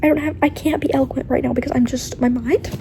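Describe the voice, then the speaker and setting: A young woman vlogging about books she is reading, chatty and animated, often slipping into a whisper. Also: high-pitched, quick pace, a little hiss or hum. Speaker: book vlogger. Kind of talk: casual reading vlog. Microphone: camera facing the speaker.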